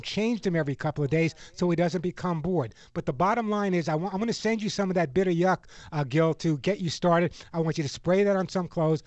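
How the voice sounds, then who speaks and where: A man's voice: sits high, a little mellow, no room sound, lo-fi sound. A man hosting a radio pet show, giving callers advice in a jokey way and laughing often.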